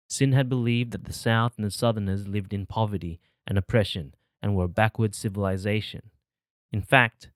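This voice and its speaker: A man narrating an audiobook in a measured, steady way on a close mic. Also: lowish voice, dry recording.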